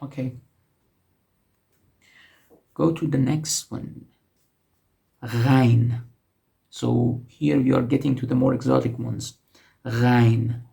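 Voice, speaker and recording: Slow gravelly man teaching letters. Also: medium pitch, fairly even intonation, warm tone. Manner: slow, patient explaining with frequent self-corrections. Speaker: language teacher. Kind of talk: casual teaching while writing on a board.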